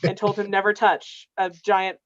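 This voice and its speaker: Over a noisy crowd, a muffled recording catches a game master staff member speaking at medium pitch with a level tone and moderate pace. She chats casually on a livestream video call, drawing out long game stories thick with filler words.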